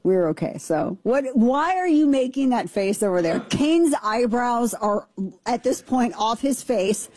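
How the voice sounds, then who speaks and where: A woman telling stories as co-host on a casual talk show, animated and laughing often. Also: fairly high pitch, measured pace, hardly any pauses. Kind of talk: casual chat.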